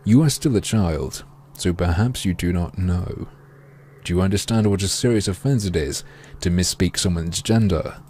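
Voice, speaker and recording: A man voicing a flamboyant, creepy male pheasant artist, speaking slowly and hushed with theatrical politeness. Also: sits low, slight background noise, lightly acted. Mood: silky menacing. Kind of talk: game dialogue read-aloud.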